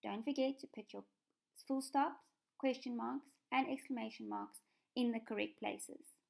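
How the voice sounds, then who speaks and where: A woman walks young children through a recorded lesson in a patient, clear instructional tone. Her voice carries heavy vocal fry and sits slightly high. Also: steady tone, a little slow, darkish tone. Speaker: primary school teacher.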